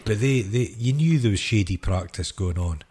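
A man's voice: on the low side, expressive, normal speed, warm tone, a little hiss or hum. A Scottish man co-hosting a podcast, chatting casually and dropping dry, wry jokes. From Scotland. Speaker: podcast co-host. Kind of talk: casual chat.

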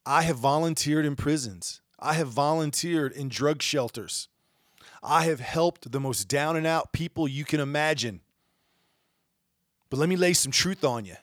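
A man hosting a podcast, giving an impassioned monologue that swells into loud rhetorical questions. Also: a little high, measured pace, dry recording, clean studio sound. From Indiana, United States. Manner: fiery, rising to shouted rhetorical questions. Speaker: podcast host.

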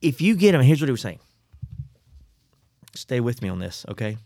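A man co-hosting a casual Bible study podcast, telling the stories in an animated way. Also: mid-range voice, moderate pace, no room sound. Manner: animated storyteller. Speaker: podcast co-host.

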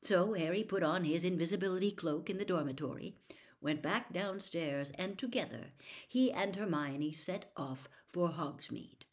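A woman narrating an audiobook with expressive storytelling, at times dropping to a whisper. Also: lowish voice, normal speed.

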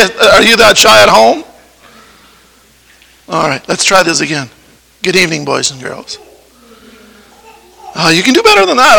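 A man's voice: high voice, gravelly, pushed and bright, rough recording. A man giving a children's sermon in church, playfully coaxing the kids with questions. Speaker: preacher giving a children's lesson.

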